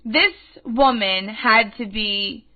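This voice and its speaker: A woman's voice: on the high side, slow pace. Brief: 21-year-old woman, podcast host, indignant rant, tinny phone-like sound. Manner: indignant, emphatic, animated. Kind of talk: casual ranting storytelling.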